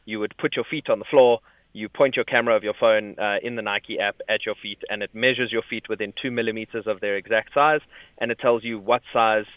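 A man, a tech blogger, explaining at length in a relaxed way on a radio show. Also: lowish voice, a little fast, no room sound, phone-quality sound.

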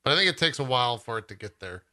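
Bright, lively-voiced man in easy chat. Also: mid-range voice, very fast. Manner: easygoing, agreeing, laughing often. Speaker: podcast co-host. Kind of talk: casual chat.

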